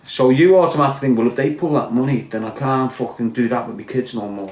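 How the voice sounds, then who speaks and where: A man with a Liverpool accent rants on a podcast, blunt and sweary, his voice at an ordinary mid pitch. The room around him is echoey and hard. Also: fast talker, hardly any pauses, a little mellow, a little hiss or hum. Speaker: podcast host. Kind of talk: ranting podcast monologue.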